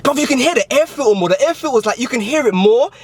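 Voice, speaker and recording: Hyped young lad, quick and high. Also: male voice, lively intonation, a little hiss or hum. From England. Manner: hyped slang-heavy banter. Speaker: car vlogger. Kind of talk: casual vlog chat.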